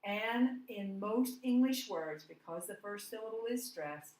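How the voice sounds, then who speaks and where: A woman teaching a phonics lesson, walking through each step slowly and patiently. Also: mid-range voice, expressive, a little mellow, roomy sound, a little hiss or hum, low-quality recording. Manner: slow, patient, step-by-step explaining.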